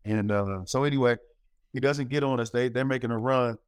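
A man's voice: mid-range voice, brisk, clean tone, dry recording. A man in his forties, a former college basketball player, telling stories in a casual interview with lots of fillers and acted-out quotes. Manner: animated storyteller, many fillers, acts out quotes.

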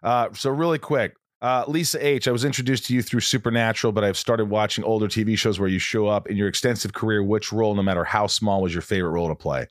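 A man with a lowish voice who talks quickly and eagerly. He hosts an interview podcast and reads out listener questions. The sound is dry and close. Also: fairly even intonation, no room sound. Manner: eager, enthusiastic, stumbles on starts. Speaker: podcast host.

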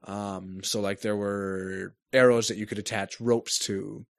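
A man's voice: on the low side, little pitch movement, measured pace, vocal fry. A man in casual chat, describing a game at length and searching for words. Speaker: podcast co-host reviewing a game.

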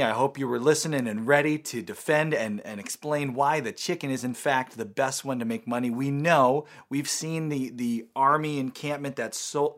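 A man's voice: mid-range voice, a bit bright. A man hosting and moderating a debate, introducing the next side in a playful, hyping way. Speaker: host, moderator.

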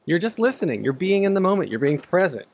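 A man's voice: sits high, sing-song, fast, a little mellow. A man co-hosting a casual interview, thoughtful and tying points together with joking asides. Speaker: podcast co-host.

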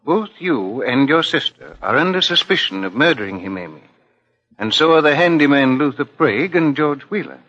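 An actor playing a calm, persistent detective asking measured questions in a 1950s radio drama. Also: male voice, mid-range voice. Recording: lo-fi old radio broadcast.

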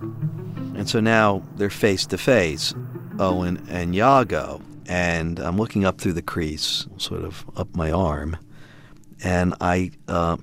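A man recounting his family's story in an interview, acting out the dialogue as he goes. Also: low voice. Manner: acts out quoted dialogue as he recounts events.

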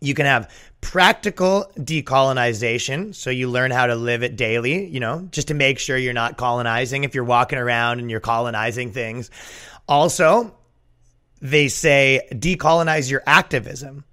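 A man hosting a comedy podcast, riffing sarcastically and jumping up in pitch for mocking asides. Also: moderate pace, sharp tone, smooth. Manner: sarcastic, jumps in pitch for mock quotes.

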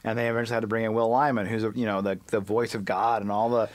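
A man with a lowish voice talks as a podcast guest, recorded close and dry with almost no room sound. He talks in an animated way, often breaking off and restarting his sentences. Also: no echo. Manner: animated, halting, many restarts. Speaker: guest reporter. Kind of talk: conversational interview.

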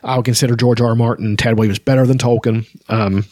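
A man's voice: mid-range voice, fairly even intonation, fast talker, a little mellow, no room sound. A man casually talking through a book he is reading, with frequent filler words. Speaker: book reviewer.

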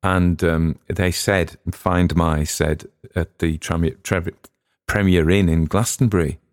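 A man's voice: sits low, fairly even intonation, unhurried, no echo, studio quality. An English man hosting a podcast, chatting casually in a rambling, digressive way with frequent restarts. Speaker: podcast host and reader.

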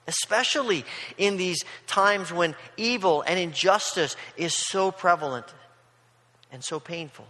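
Bright guy preaching, kinda high voice, long echo of a big hall behind him. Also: measured pace. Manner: storytelling, paraphrasing scripture in casual voices. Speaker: pastor. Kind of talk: sermon.

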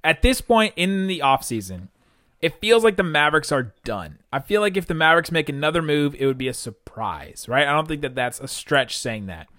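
Relaxed man hosting a sports podcast. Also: a little high, a little fast, dry recording, clean studio sound. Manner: relaxed, laughs often. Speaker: podcast host. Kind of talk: casual podcast chat.

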